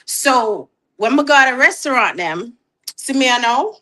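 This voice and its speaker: A woman, a guest artist chatting in an interview, animated and laughing often, repeating words as she talks. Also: high-pitched, measured pace. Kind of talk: casual interview chat.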